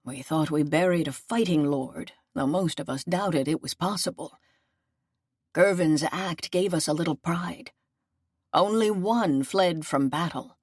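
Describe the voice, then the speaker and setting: A woman's voice: deep voice, a little mellow, breathy edge, no echo, studio quality. Woman doing a solemn old male seneschal. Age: older. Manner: slow, solemn and fatherly. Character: aging wounded male seneschal, gentle and loyal.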